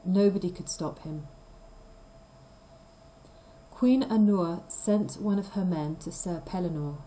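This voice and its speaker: A woman reading a simple story aloud for language learners, slow and clear. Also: on the low side, mellow, low-quality recording. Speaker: reader of a graded story. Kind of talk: scripted storybook narration for learners.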